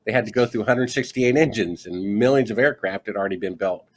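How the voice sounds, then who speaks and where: A man's voice: lowish voice, a little fast. A middle-aged man, a guest author in a conversational interview, telling his story with energy and acting out the dialogue he quotes.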